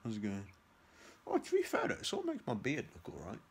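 This is casual vlog chatter from a young man at home, inside and out, who rambles, teases himself and leans heavily on fillers. He speaks briskly at a medium pitch with big swings in intonation. The handheld camera, held at arm's length, picks up a faint hiss or hum.

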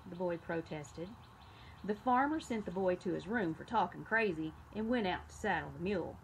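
A woman school media specialist reading a folk tale aloud to children with expressive delivery. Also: on the low side, normal speed, a little hiss or hum, low-quality recording. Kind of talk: storybook read-aloud.

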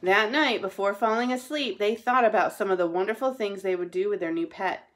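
A woman teacher reading a children's storybook aloud in a gentle way. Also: medium pitch, a little fast, background noise. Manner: gentle, answers a child's interruptions.

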